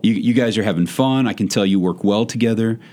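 Low-voiced folksy male host. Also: fast, darkish tone. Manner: folksy, thoughtful questioning. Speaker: podcast host. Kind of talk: podcast interview.

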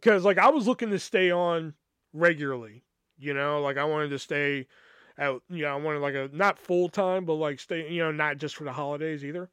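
A man in a slightly high voice tells a long personal story on his podcast. He rambles and swears freely, with lots of fillers. His voice is smooth and clear, recorded close and dry. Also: moderate pace, a bit bright, dry recording. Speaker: podcast host. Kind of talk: casual storytelling.

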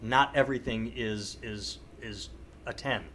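A man's voice: medium pitch, measured pace, a bit bright, a little hiss or hum. A man hosting a casual podcast chat, talking animatedly and acting out outraged voices. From United States. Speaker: podcast host.

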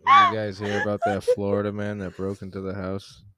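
A man co-hosting a podcast in casual banter, grumpy and deadpan, swearing a lot. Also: on the low side, a little fast, dry recording, clean studio sound. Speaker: podcast co-host.

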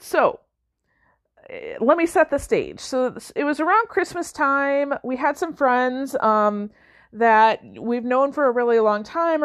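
Chatty woman telling a story. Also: on the high side. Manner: chatty, with fillers and acted-out quotes. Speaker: speaker on coaching and mentoring. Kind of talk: conversational storytelling talk.

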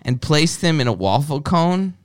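A young man, telling a crude story in an animated, profane, joking way. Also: fairly high pitch, moderate pace, clear, resonant tone. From Canada. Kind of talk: casual crude storytelling chat.

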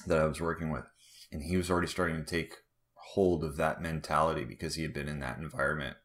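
A man's voice: a bass voice, steady tone, fast, fairly bright tone. A man in casual conversation, telling loose, profane, rambling anecdotes. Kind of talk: casual chat, storytelling.

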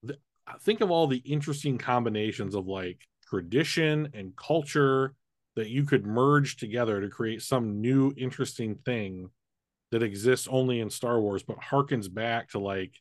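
A man's voice: medium pitch, dry recording, clean studio sound. A man co-hosting a casual chat podcast, rambling through ideas with a lot of swearing and joking. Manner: rambling, swears, jokes about fan topics. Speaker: podcast co-host.

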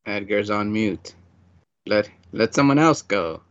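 A man co-hosting a casual podcast chat, laid-back and quick to laugh. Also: fairly low pitch, lively intonation, fairly bright tone, no echo, lo-fi sound. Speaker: podcast co-host. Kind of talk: casual chat over beers.

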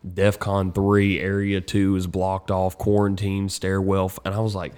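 A man's voice: low voice, monotone, measured pace, a little mellow, smooth. A man co-hosting a casual podcast, laughing often and swearing casually. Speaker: podcast co-host. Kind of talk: casual chat.

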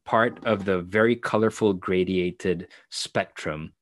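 A young actor from the Philippines, a guest in a conversational interview, speaks slowly in a low, steady voice with a Filipino English accent. He reflects as he talks, elaborating on his thoughts and now and then correcting himself.

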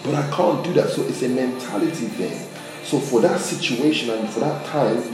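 A man's voice: medium pitch, brisk, distant mic. A man preaching a conversational sermon as a pastor, acting out quotes and talking straight to his people. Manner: conversational, animated, acts out quotes. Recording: very echoey room with music behind. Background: music.

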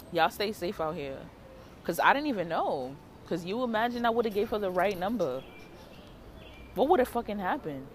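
Woman tarot reader, casual vlog, lively swooping pitch, cursing a lot. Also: slight background noise. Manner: animated, profane, dramatic.

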